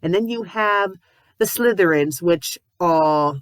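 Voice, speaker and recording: A woman with covid reviewing fanfiction in a comedic, exasperated rant, sometimes breaking into shouts. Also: fairly low pitch, slow, dry recording. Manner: exasperated, ranting, bursts into shouting; says "bloody" often. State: sick with covid, a little loopy.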